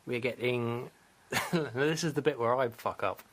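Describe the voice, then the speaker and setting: A man's voice: mid-range voice, measured pace, a bit bright, slight background noise. A man hosts a casual gaming podcast with a mid-range voice. He rambles a little, jokes at his own expense and laughs often. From Britain. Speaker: podcast host. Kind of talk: casual chat.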